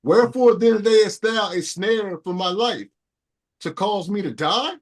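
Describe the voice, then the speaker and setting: A man reading archaic scripture aloud in a steady, plain manner during a Bible study. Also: sits high, unhurried. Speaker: scripture reader.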